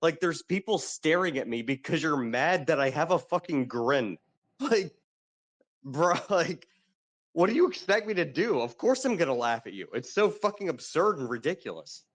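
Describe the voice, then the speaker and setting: A man's voice: a little high, big pitch swings, moderate pace. Man ranting with swearing and laughter. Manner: profane, laughing, exasperated ranting. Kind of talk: casual chat.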